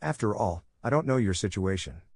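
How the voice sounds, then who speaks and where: An awkward, kind-hearted young man acted out by a male narrator stumbles through halting, uncertain sentences. The voice is lifted above the reader's low register, and the recording is close and dry. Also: expressive, a little mellow, no room sound. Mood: nervous. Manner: nervous, unsure, trailing questions. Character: jittery, friendly young man villain-to-be.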